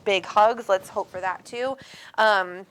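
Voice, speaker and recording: A woman's voice: medium pitch, takes it slowly, a bit bright, smooth. A woman with a Minnesotan accent hosting a spiritual livestream, chatting casually and affectionately as she reads viewer comments aloud, with plenty of ums. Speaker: spiritual medium and livestream host.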